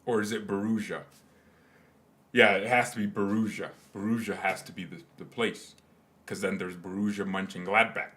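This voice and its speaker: Low-voiced joking man. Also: fairly even intonation, moderate pace, fairly bright tone. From United States. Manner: joking, rambling banter. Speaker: fan channel host. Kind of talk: live match watchalong commentary.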